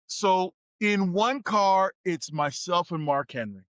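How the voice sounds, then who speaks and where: A man as interview guest, telling road stories in a lively way and acting out the voices of the people in them. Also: high voice, takes it slowly, no echo. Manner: acts out voices and shouts in his stories. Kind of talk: animated storytelling.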